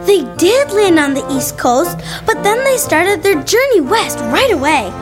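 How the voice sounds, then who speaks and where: A woman's voice: very high-pitched, big pitch swings, measured pace, over loud music, exaggerated voice. A woman playing a boastful know-it-all schoolgirl in a radio drama, insistent and bragging.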